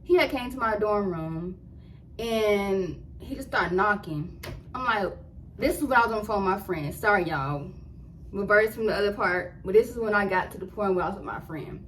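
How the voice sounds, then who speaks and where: A woman's voice: mid-range voice, slight background noise, rough recording. A woman in her twenties telling a story casually and with animation, full of slang, acting out what she said back then. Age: 20s. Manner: animated, slangy, acts out her own quotes. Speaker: vlogger.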